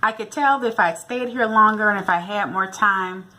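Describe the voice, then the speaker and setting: A woman's voice: mid-range voice, normal speed, bright, forceful tone, a little hiss or hum. A middle-aged woman from the United States, telling a story casually in a vlog and acting out the dialogue. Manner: chatty, retells a funny encounter with quoted dialogue. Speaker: vlogger.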